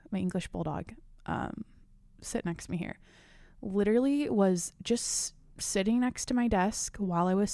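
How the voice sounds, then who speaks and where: A young woman rants into a desk microphone, her voice smooth and clear, the sound dry and close. She vents in a loose, profane podcast monologue, full of restarts and tangents. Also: mid-range voice, no echo. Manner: animated, profane venting with frequent restarts. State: slightly out of breath. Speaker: podcast host. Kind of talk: casual ranting monologue. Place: home studio at her desk.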